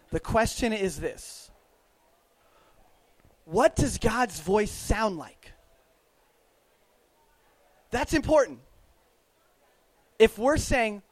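A man's voice: sits high, expressive, takes it slowly, long pauses, no room sound, rough recording. A man, a youth minister, giving a casual, chatty faith talk, laughing often and putting questions to the audience.

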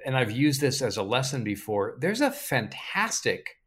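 A man hosting a casual book discussion, summarizing chapters and reading quotes with lively emphasis. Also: mid-range voice, normal speed, slightly rough, soft background music. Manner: relaxed, chuckling, reads quotes with animated emphasis.

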